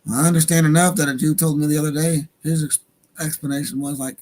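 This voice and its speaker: A man's voice: on the high side, fairly even intonation, fast talker, darkish tone, poor audio. A Native American man hosting a livestream radio show, talking casually in a rambling, profane way and laughing at his own jokes.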